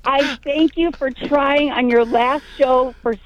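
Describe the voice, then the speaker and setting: High-voiced woman calling in, teasing. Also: steady tone, takes it slowly, muffled recording, slight background noise. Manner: playful, teasing, theatrical. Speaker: comedian and regular correspondent. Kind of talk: comic phone-in chat. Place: outdoors at a festival field.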